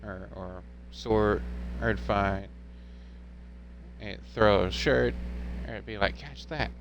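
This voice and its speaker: A man's voice: lowish voice, fairly even intonation, takes it slowly, dull audio, slight background noise. A man in his twenties, a streamer, telling a story to his live stream in a rambling, laid-back way.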